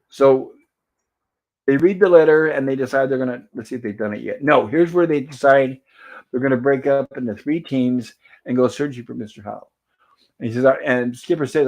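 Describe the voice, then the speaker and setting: A man's voice: medium pitch, fairly quick, a little mellow, highs cut off. Chatty male livestream host. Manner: chatty, narrates scenes and reads chat aloud with small laughs. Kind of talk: casual live commentary reading chat.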